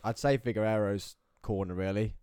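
A man's voice: on the low side, steady tone, moderate pace, dark tone, smooth, dry recording, clean studio sound. A man co-hosting a podcast, bantering and teasing with sweary jokes while watching a fight. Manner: sweary, teasing, laughs a lot. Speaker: podcast co-host.

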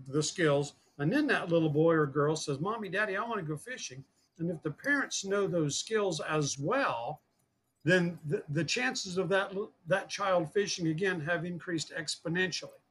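A man's voice: a little high, animated, measured pace, a bit bright, a little hiss or hum. A man telling a long personal story in an interview, earnest, repeating words and acting out the dialogue he quotes. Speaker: guest, fishing program founder.

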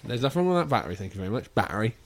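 A man's voice: fairly low pitch, big pitch swings, very fast. A man in casual chat, telling a rambling anecdote with swearing and frequent laughs.

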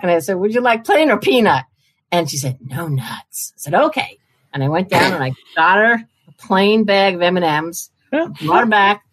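Low-voiced chatty older woman. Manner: chatty, acts out quoted voices. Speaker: publishing marketing executive, guest. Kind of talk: casual storytelling in a conversation.

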